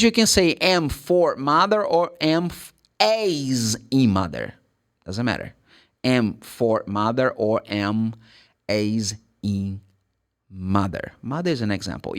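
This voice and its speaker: A middle-aged man from Brazil with a Brazilian Portuguese accent, teaching English in a casual spoken lesson and spelling words out slowly letter by letter. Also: mid-range voice, big pitch swings.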